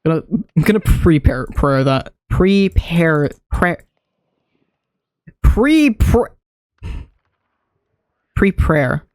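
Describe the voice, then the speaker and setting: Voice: medium pitch, measured pace, a little mellow, clean tone, no echo, studio quality. A streamer giving casual gameplay commentary, muttering and thinking aloud to themself.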